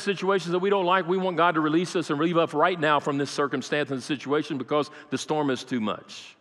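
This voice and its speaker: A man's voice: on the high side, fairly even intonation, fairly quick, few pauses. A man preaching a sermon in a church, telling a story with dramatic rises and joking asides to the congregation. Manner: dramatic storytelling with acted quotes, rising to loud peaks. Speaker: pastor. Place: church sanctuary. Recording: long reverb of a large church.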